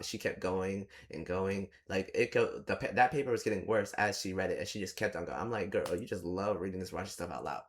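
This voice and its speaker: Rambling, exasperated young man reviewing a movie. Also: lowish voice. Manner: exasperated, rambling, mimics characters in quotes. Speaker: movie reaction host. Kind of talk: casual spoken movie review.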